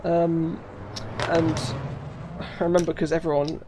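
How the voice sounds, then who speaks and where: Chatty British man streaming, slightly high. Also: flat delivery, measured pace, background noise. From United Kingdom. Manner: chatty, rambling, many fillers, laughs often. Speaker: live streamer. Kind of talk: casual live-stream commentary while playing.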